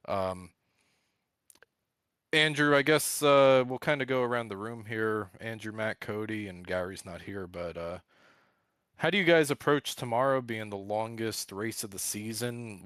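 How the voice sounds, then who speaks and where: Low-voiced, halting male co-host. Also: a bit bright, no echo. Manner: loose, halting, many fillers. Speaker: podcast co-host. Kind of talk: casual livestream chat.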